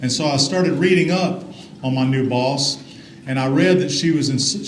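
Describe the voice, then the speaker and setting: Speaking in a fairly high-pitched voice with a bit of hiss or hum on the recording, this athletics director from Alabama, middle-aged, delivers an upbeat, folksy speech at a ceremony. The setting is a big, echoing banquet hall with faint ambience.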